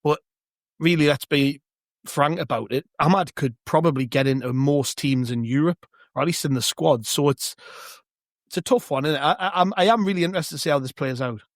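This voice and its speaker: A man's voice: a little high, brisk, no room sound, studio quality. A man with a North East English accent, co-hosting a football podcast, chatty and questioning as he tells a story. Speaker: podcast co-host. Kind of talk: casual football chat.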